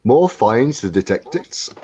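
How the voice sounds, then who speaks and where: A man's voice: medium pitch, sing-song, mellow, husky, dull audio. A man co-hosting a casual live stream from home over a computer mic, joking and laughing as he chats. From England. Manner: jokey, laughs often, slow chatty delivery. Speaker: co-host.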